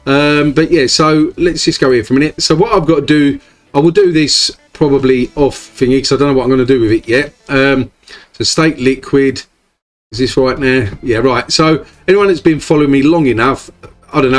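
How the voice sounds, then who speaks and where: A man talks through his screen in a loose, chatty vlog style, full of "um"s and tag questions. Faint music plays softly underneath his voice. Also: mid-range voice. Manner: rambling, many fillers and tag questions. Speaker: crypto YouTuber. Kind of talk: casual screen-share commentary.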